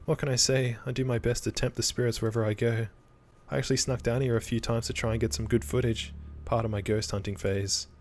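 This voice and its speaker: A man's voice: medium pitch, level tone, fast, a little mellow, slight background noise, close to an everyday voice. A man voicing a wry, laid-back young woman who hunts ghosts and jokes about the dead. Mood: teasing. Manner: teasing, joking.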